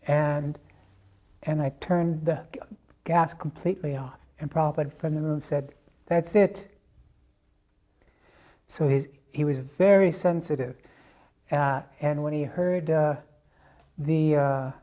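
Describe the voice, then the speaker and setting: Older man with a mellow voice, reminiscing. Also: fairly high pitch, steady tone. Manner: unhurried, halting storytelling. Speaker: interviewee recalling his spiritual teacher. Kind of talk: personal reminiscence.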